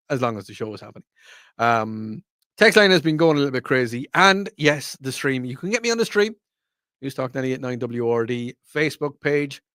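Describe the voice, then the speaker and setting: A man's voice: medium pitch, a bit bright, dry recording, studio quality. An Irish man hosting a radio talk show, teasing and talking straight to his listeners in a casual way. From Ireland. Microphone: studio microphone.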